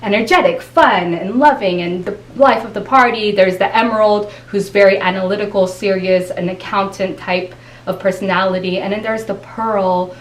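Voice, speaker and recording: A woman's voice: medium pitch, fairly even intonation. Woman coaching on communication, echoey. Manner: measured, demonstrates tones aloud. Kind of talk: explanatory interview talk. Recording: echoey room, distant mic, faint hiss.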